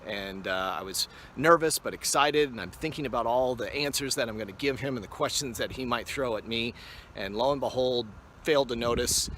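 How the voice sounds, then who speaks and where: A man in his fifties, a TV weather forecaster, giving a relaxed acceptance speech full of anecdotes, recorded on a phone on a selfie stick outdoors on a mountain. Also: medium pitch, noisy background. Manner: relaxed storyteller with frequent "uh". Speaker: award honoree, TV weather forecaster.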